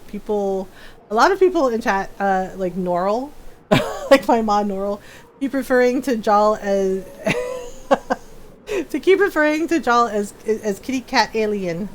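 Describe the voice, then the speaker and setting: A woman streamer chatting casually with viewers, laughing often and acting out quotes in a lively retelling. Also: medium pitch, slow pace, slight background noise. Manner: giggly, animated retelling with acted-out quotes.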